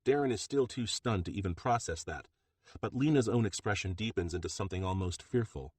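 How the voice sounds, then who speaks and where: A man reading an audiobook in steady, measured narration on a close mic. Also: lowish voice, husky, dry recording. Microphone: close studio mic.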